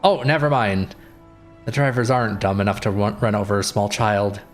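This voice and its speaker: A man's voice: fairly low pitch, steady tone, moderate pace, faint music behind. Brief: wry male streamer chatting offhand over gameplay. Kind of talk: casual gameplay commentary.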